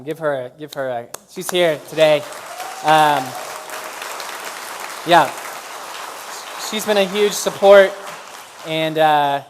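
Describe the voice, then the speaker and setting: A man giving a casual talk to an audience about his work, halting with fillers and restarts. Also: on the high side. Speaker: speaker telling his business story.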